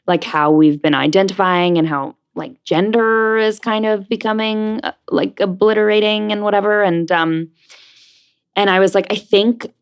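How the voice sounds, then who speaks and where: A woman's voice: medium pitch, fairly even intonation, moderate pace, clear, resonant tone. A young woman from the New York area, a Broadway actress chatting as a guest, frank and full of fillers. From New Jersey/New York. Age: young adult. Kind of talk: casual interview chat.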